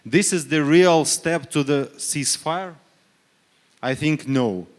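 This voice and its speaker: A man from Ukraine, speaking on a forum panel in halting English, full of fillers and self-corrections, pressing his case with earnest rhetorical questions. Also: fairly high pitch. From Donetsk region, Ukraine. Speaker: panelist, human rights official. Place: conference panel stage.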